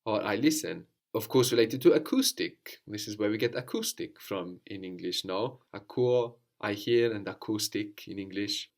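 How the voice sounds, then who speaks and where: A man's voice: lowish voice, moderate pace, gravelly, hardly any pauses. A man teaching a language lesson, patiently asking questions and often ending with "no?".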